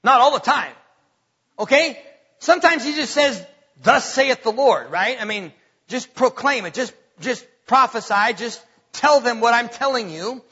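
A man preaching a sermon in a church on a stage microphone, animated and joking, asking the congregation questions. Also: very high voice, a little slow, slightly rough, lo-fi sound. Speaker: pastor.

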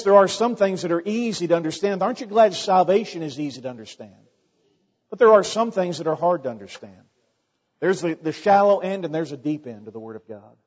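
A man's voice: high-pitched, darkish tone, slightly rough. Folksy preacher man in a reverberant church. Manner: conversational preaching with folksy asides. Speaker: pastor. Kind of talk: sermon. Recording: dull sound with long reverb.

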